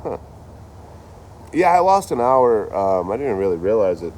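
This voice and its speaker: A man's voice: fairly low pitch, very animated, unhurried, a little mellow, slight background noise. A man chatting casually on a livestream, rambling and swearing, laughing often as he tells stories. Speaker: traveling livestreamer.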